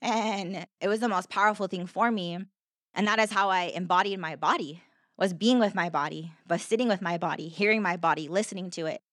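A woman's voice: fairly low pitch, brisk, a bit bright, no room sound, clean studio sound. A woman telling her personal story as a podcast guest, earnest and heartfelt, with lots of "like" fillers. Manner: earnest, heartfelt, heavy use of "like".

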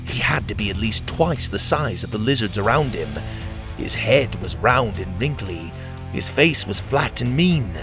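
A man narrating a children's adventure story in an expressive storytelling manner. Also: fairly low pitch.

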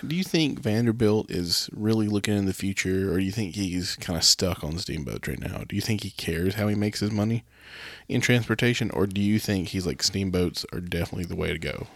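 Low, gravelly man musing. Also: a little fast, no echo, studio quality. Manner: musing, hesitant, many fillers. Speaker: podcast co-host. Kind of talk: casual podcast chat.

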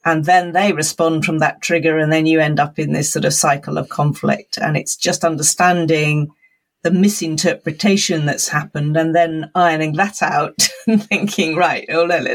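Expert guest, mid-range voice, casual interview chat, thoughtful rambling explainer. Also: mid-range voice.

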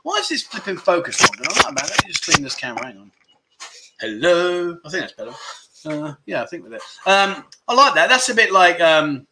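A man's voice: high voice, sing-song, brisk, sharp tone, a little hiss or hum. A man hosting a casual livestream, reading viewer comments aloud and joking about himself. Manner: chatty, jokey, self-deprecating, reads comments aloud. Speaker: livestream host. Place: home livestream setup.

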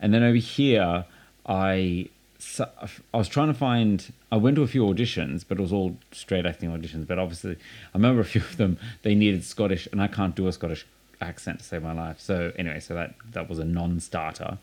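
A man with a low voice hosts a relaxed conversation. He tells stories with energy and acts out what other people said. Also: fairly quick. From Australia. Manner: animated storyteller, acts out quotes. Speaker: podcast host. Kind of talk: casual chat.

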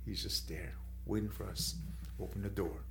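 A man's voice: fairly even intonation, moderate pace, gravelly, a bit bright, a little hiss or hum. A man from the San Carlos Apache reservation giving a personal testimony as a street evangelist, growing emotional and tearful. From San Carlos Apache reservation, Arizona. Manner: emotional, rising high when moved, tearful.

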